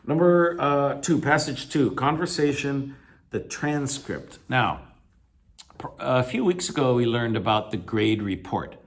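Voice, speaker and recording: A man's voice: medium pitch, expressive, measured pace. A man teaching a recorded video lecture, explaining with many fillers and self-corrections and stressing key points. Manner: emphatic, encouraging. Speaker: English teacher.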